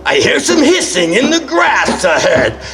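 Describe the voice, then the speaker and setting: A big, gullible monster, as a man puts him on, chuckling as he speaks at a slow, unhurried pace. Loud instrument music plays behind him. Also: extremely high pitch, huge pitch swings, heavily acted. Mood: amused.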